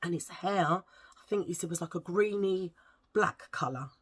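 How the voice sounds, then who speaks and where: A middle-aged vlogger with a husky, lowish voice talks at normal speed, telling a rambling story between bites of food. She's chatty and often hunts for the words she wants.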